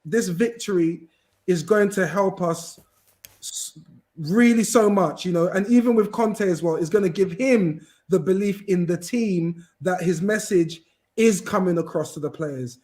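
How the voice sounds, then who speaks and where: A man chatting casually as a fan on a football podcast, rambling and animated with many restarts. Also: high voice. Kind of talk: casual chat.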